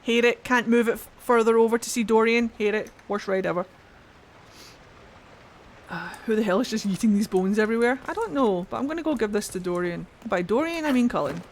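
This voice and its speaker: A woman's voice: a little high, a little fast, a little hiss or hum. A woman with a Geordie accent from Newcastle, chatting casually while streaming a game, swearing freely and answering chat. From Newcastle, England.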